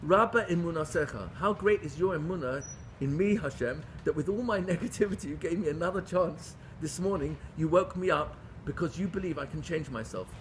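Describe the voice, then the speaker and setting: A middle-aged man teaching a lively religious class in a fairly high voice. He leans into each point, repeating phrases for stress and asking rhetorical questions. A faint background hiss sits under his voice. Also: brisk. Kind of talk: lively Torah lecture.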